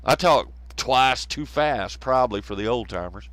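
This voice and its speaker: A man's voice: medium pitch, animated, moderate pace, a bit bright, no echo, poor audio. Profane, laughing Southern man rambling. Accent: Southern American. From Southern United States. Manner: profane, laughing, mocking, mimics others. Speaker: live stream host. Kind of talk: casual rambling chat.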